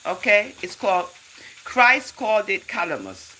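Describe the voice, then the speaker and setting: Animated Jamaican woman preaching to her stream. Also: low-pitched, unhurried, slight background noise, low-quality recording. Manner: animated, preachy, addresses chat viewers by name. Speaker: livestream host. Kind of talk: casual livestream talk and scripture reading.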